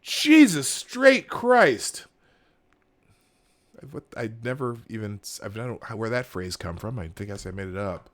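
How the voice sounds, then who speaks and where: A man's voice: fairly low pitch, fairly quick, few pauses. A man hosting a solo political commentary show, ranting heatedly with swearing and sarcasm. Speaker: host.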